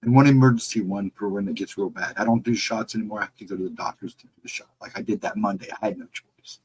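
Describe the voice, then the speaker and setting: A middle-aged man hosting a casual livestream, reading the chat and answering viewers in a relaxed, reassuring way. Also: on the low side, quick pace, slightly rough, low-quality recording. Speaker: livestream host.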